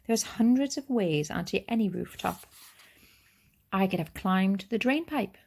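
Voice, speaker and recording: A woman's voice: mid-range voice, lively intonation, a little slow, gravelly, darkish tone. A woman voicing a curt, wary street boy. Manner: curt, matter-of-fact.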